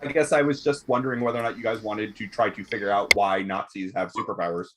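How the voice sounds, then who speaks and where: A man's voice: fairly low pitch, quick pace, heavy background noise. A man hosting as game master, recapping and running a tabletop roleplaying game with frequent ums and uhs. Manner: relaxed, many ums and uhs.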